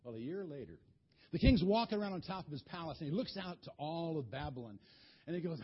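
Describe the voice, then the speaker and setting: A man tells a children's Bible story in an animated, folksy way, often stumbling over and repeating words. His fairly high, breathy voice leaps around in pitch. The recording is dull and lo-fi. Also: quick pace.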